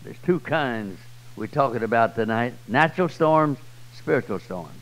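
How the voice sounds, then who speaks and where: A man with a Southern US accent preaching a sermon, swinging from loud, high cries to low, quiet passages. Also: animated, moderate pace, poor audio. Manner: swells loud and high then drops low and soft. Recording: old 1990s church tape.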